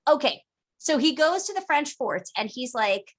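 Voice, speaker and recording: Woman, fairly high pitch, casual online lecture, chatty, animated, video call. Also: normal speed. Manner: chatty and animated, acts out historical figures in jokey quoted voices. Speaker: teacher.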